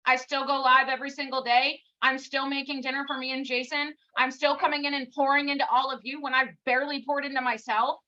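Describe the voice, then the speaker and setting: Woman team leader, punchy and bright, scolds and rallies on a live stream; muffled stream sound. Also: high-pitched, flat delivery. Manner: blunt, scolding, rapid-fire rhetorical questions; swears casually, self-mocking. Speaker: team leader giving a live pep talk. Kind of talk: casual motivational livestream talk.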